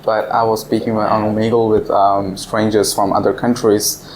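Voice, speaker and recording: A man's voice: on the low side, flat delivery, normal speed, darkish tone, a little hiss or hum, rough recording. A young man leading a casual classroom discussion, explaining step by step and laughing often. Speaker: visiting language teacher. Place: classroom in a language club.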